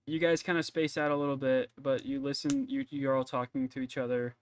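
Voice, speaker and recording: A man narrating as game master in a tabletop game, in a casual, halting way with many fillers. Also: medium pitch.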